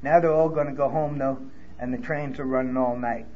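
In a conference hall, a New Yorker shares his recovery story as personal testimony, candid and emotional, with blunt swearing. His medium-pitched voice has fairly even intonation and runs a little fast, and the recording has its highs cut off with slight hiss or hum.

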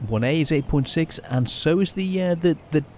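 A man giving casual, chatty gameplay commentary as a channel host, often pausing and restarting his sentences. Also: on the high side, a little mellow, slight background noise. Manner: chatty, halting, many restarts and fillers.

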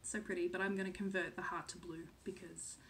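A woman's voice: lowish voice, flat delivery, fast talker, slight background noise. A woman in her thirties from Australia chatting casually to camera as a cross-stitch vlogger, full of "um"s and second-guessing herself. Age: 30s.

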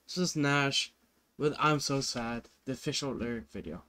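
A man's voice: mid-range voice, normal speed. A man hosting a music reaction video, chatting casually and earnestly, rambling with lots of "like" and "you know".

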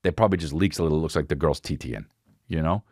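A man hosting a podcast, telling a comic story in an animated, rambling, profane way. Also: extremely low pitch, very fast, no room sound, clean studio sound. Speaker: podcast host.

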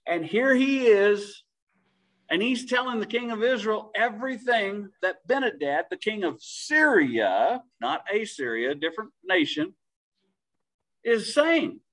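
Male preacher, high voice, church sermon, casual delivery, drawn-out emphasis on key lines. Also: sing-song, a bit bright, rough recording. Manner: conversational, slows down to stress key phrases.

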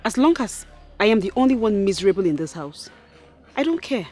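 A scornful young wife. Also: female voice, mid-range voice, big pitch swings, fairly quick, darkish tone, faint music behind. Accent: Nigerian. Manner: scornful, taunting. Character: scheming young wife, sharp-tongued. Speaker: actress. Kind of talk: Nollywood film acting.

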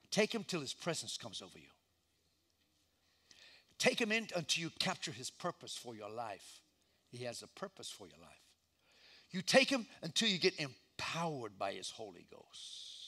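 A male pastor preaching in church with a lively, sweeping voice that climbs high for acted-out cries and drops low for hushed moments. His tone is bright and forceful, and his pitch sits a little high. He tells the story dramatically, putting on voices. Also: vocal fry. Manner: dramatic storytelling, acting out voices, swinging from shouts to hushed lines. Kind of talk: sermon.

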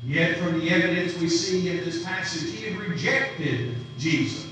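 A man's voice: high voice, normal speed, a bit bright, a little hiss or hum. A man preaching a sermon who asks his congregation questions as he teaches. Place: church sanctuary. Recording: roomy, distant church recording.

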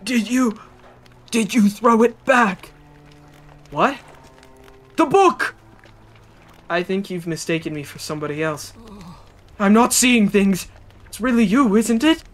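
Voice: medium pitch, animated, takes it slowly, pauses often, faint music behind. A streamer voicing a haunted old former mayor. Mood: agitated. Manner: anguished, pleading, rambling. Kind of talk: reading game dialogue aloud.

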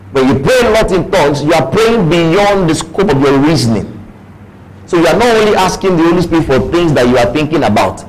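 Nigerian man preaching a lively sermon. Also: medium pitch, breathy edge, poor audio. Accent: Nigerian English. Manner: preaching with playful asides, acting out quoted voices. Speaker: pastor. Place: church.

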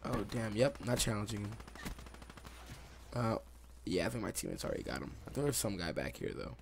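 A young man giving excitable live commentary over his own video game play, recorded on a desktop microphone at home. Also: fairly low pitch, a little fast, creaky, a little hiss or hum. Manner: excitable, reacts aloud to the game. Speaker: gaming YouTuber. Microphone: desktop USB mic.

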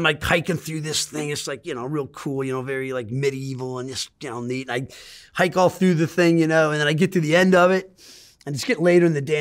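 Man interviewee, slightly high voice, rambling casual tale, lots of swearing and stammered restarts. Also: a bit bright. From United States. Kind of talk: casual storytelling.

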